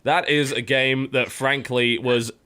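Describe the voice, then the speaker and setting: A man's voice: medium pitch, fairly even intonation, a little slow, sharp tone, clear, resonant tone. A man hosting a podcast in casual chat, sarcastic and teasing, given to rants. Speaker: podcast host.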